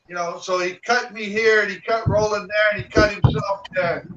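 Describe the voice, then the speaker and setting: A man's voice: high-pitched, fairly even intonation, normal speed, a bit bright, muffled recording. A man guest in a casual interview, telling rambling stories and acting out what others said. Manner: rambling, acts out quoted dialogue. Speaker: martial arts guest. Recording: echoey room from far off, faint noise.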